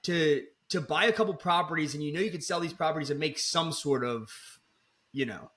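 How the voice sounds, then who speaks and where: Male co-host, crisp bright voice, casual, enthusiastic. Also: fairly high pitch, fairly quick. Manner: enthusiastic, addresses guest as "dude" and "man". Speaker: podcast co-host. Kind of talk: casual chat.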